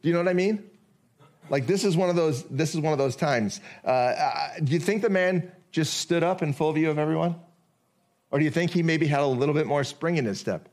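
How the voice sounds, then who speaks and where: A man preaching a sermon as pastor, conversational and full of rhetorical questions, reading scripture slowly and deliberately. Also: high-pitched.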